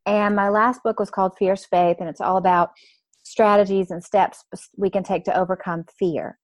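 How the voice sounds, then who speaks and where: A woman with a Southern US accent, a guest author on a podcast who chats warmly and tells stories. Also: medium pitch, steady tone, normal speed, no echo. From American South. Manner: warm, chatty storyteller. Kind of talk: podcast interview.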